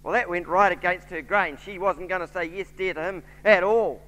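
A man's voice: high voice, normal speed, fairly bright tone. A man with a New Zealand accent preaching a sermon, telling a story and voicing its characters. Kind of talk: sermon with anecdote. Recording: church hall reverb.

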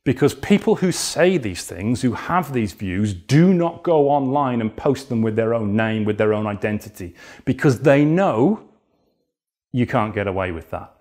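A man's voice: medium pitch, expressive, measured pace, a little mellow. A man hosting a solo podcast, ranting in an exasperated, indignant way and swearing freely. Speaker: podcast host.

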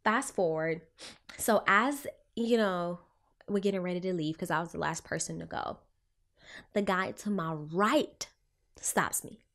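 A young woman who works as a clinician and hosts a podcast, telling a story in a casual, expressive way and acting out her own thoughts. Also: fairly low pitch, a little slow. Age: young adult.

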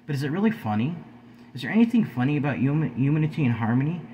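A man's voice: mid-range voice, big pitch swings, fast, muffled recording, a little hiss or hum. A man in his forties, talking earnestly to his viewers from home in a preachy vlog, often calling them guys. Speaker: video host. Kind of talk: earnest spoken vlog talk.

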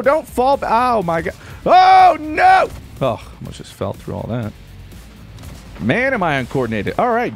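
A man giving casual gameplay commentary as a YouTuber, excitable, yelping and talking to himself as he plays. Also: medium pitch, creaky. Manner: excitable, yelps and exclaims, talks to himself. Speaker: gaming YouTuber.

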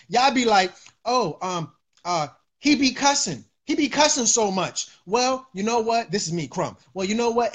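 A man's voice: high-pitched, a bit bright. A man hosting a casual livestream, preaching in a loose way, with many fillers and repeated lines. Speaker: livestream host.

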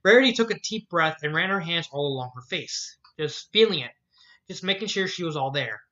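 A man reading fan fiction aloud in a steady story narration, with small slips and self-corrections. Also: a little high, a little fast, muffled recording. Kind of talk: audiobook-style story reading.

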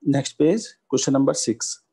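A man, teaching a maths lesson and dictating each step slowly. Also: mid-range voice, dark tone, breathy edge, low-quality recording.

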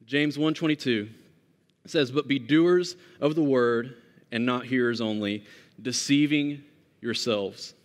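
A man's voice: medium pitch, slow. A man preaching a conversational sermon as pastor, earnest and informal, with frequent restarts and fillers. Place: church sanctuary. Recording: long church-hall reverb.

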